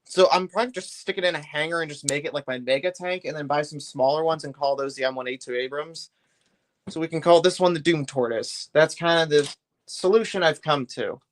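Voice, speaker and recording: A man's voice: fairly high pitch, a little fast. A man chatting casually on a live stream while building a brick set, rambling loosely and often trailing off mid-thought.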